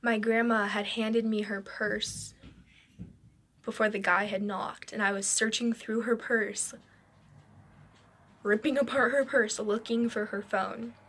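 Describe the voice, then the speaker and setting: A woman's voice: on the high side, fairly even intonation, unhurried, long pauses, fairly bright tone. A woman narrating a dramatic personal story for a storytime vlog, rambling and breathless with many "I'm like" asides. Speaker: vlogger.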